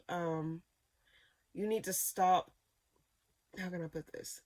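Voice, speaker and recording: A woman giving a casual tarot reading, talking in loose rambling sentences full of fillers, restarts and repeated phrases. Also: fairly low pitch. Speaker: tarot reader.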